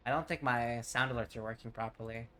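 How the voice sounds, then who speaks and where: This Tennessee streamer's mid-range voice is fast, fairly bright, and fairly even in intonation. He chats casually with viewers while gaming, rambling and easily sidetracked.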